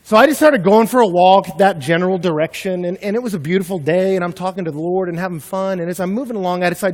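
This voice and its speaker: Pastor, male, higher voice, animated storyteller, long hall reverb. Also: fast, hardly any pauses. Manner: animated storytelling, acts out his own panic. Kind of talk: sermon with personal story.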